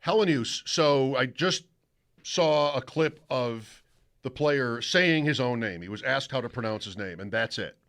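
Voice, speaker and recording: A man's voice: mid-range voice, a little slow, fairly bright tone. A man hosting a sports radio show, talking casually in a rambling, self-interrupting way from the studio.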